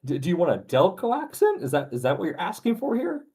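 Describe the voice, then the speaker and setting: Philly guy co-hosting a stream, kinda husky, deadpan, voice jumps around a lot. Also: on the high side, fast. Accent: Philadelphia. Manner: deadpan, playfully confused. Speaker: co-host. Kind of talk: casual livestream banter.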